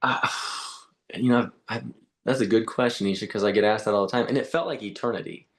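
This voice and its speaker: Casting: male guest, lowish voice, casual animated storyteller who acts out quotes. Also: fairly quick. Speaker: podcast guest. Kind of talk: storytelling in conversation.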